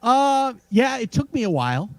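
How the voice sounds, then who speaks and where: A man's voice: very high voice, normal speed, dry recording. A man co-hosting a casual sports podcast, telling rambling stories with lots of restarts. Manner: animated, rambling with restarts and laughs. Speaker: podcast co-host.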